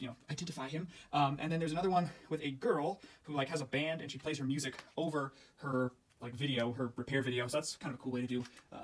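A man's voice: a little high, a bit bright, distant mic. A man casually explaining a car repair in a chatty, rambling way, full of fillers and restarts, while working outdoors by an engine. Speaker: DIY car repair vlogger.

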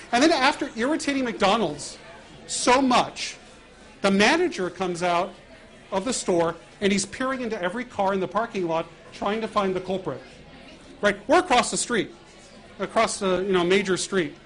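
A middle-aged man with a fairly high voice tells stories to a live audience. He is animated and laughs often as he speaks into a wireless mic. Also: moderate pace. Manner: animated, laughing at his own prank stories. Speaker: author giving a talk. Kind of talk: storytelling talk to an audience. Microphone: wireless mic while walking around.

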